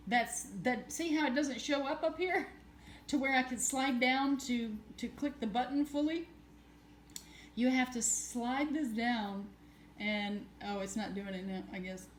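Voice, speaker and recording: Woman vlogger, rambling and excitable, higher voice, faint noise behind. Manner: excitable, rambling, laughs often. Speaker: spiritual vlogger. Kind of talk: rambling casual vlog.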